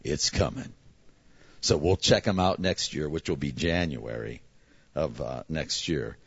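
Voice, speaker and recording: Self-mocking middle-aged pastor telling a story. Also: male voice, very deep voice, expressive, unhurried, breathy edge, muffled recording. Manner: chatty, self-mocking, acts out voices. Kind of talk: casual storytelling from the pulpit.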